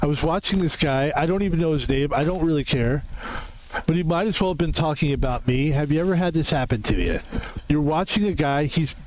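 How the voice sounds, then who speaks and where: Higher-voiced guy rambling while he streams a game, casual and chatty, faint noise behind. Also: animated, fairly quick, a little mellow, rough recording. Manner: rambling, chatty, laughs often. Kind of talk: casual gameplay commentary.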